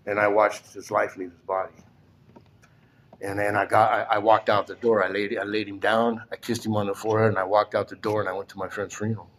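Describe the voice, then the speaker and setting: A man in his sixties, his voice sitting fairly low. He tells a personal story haltingly, with many "and, uh" pauses, and often drops almost to a whisper. Faint ambient noise lies under his voice. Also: level tone, fairly bright tone. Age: 60s. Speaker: storyteller recounting his past. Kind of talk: personal testimony.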